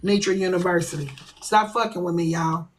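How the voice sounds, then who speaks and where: A woman's voice: on the low side, fairly even intonation, a little fast, a little hiss or hum, poor audio. A woman hosting her own livestream, ranting bluntly and with lots of profanity. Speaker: livestream host. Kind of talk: ranting live stream.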